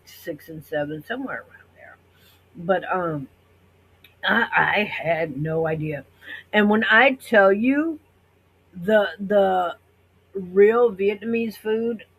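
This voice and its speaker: A woman's voice: lowish voice, rough recording. A middle-aged woman from the United States talking in a chatty, rambling way to her viewers, acting out other people's reactions. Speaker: vlogger. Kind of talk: casual rambling monologue.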